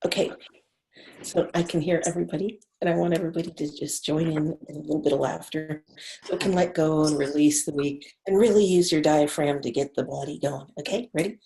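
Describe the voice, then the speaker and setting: A woman leading an online class over a video call, gently guiding breathing and counting the breaths aloud in a soothing way. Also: deep voice, fairly even intonation, brisk, gravelly. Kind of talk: guided breathing and laughter class.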